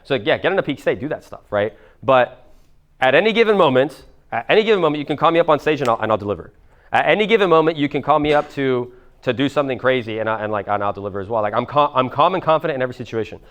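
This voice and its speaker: A man's voice: mid-range voice, expressive, rapid-fire, a bit bright. A man in his twenties telling a story at a seminar, casual and rambling, swearing now and then. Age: 20s. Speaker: motivational speaker.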